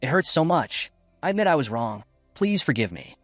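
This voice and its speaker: A man's voice: a little high, sing-song, moderate pace, no echo, faint music behind. A man doing a cowardly bullying thug. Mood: whining. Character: cowardly bullying young man, threatening then whining.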